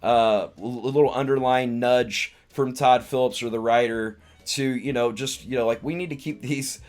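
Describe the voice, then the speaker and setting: A man's voice: mid-range voice, steady tone, moderate pace, darkish tone. A man casually retelling a film's scenes on a live stream, meandering and restarting his sentences often. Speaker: streamer and comedian reviewing a film.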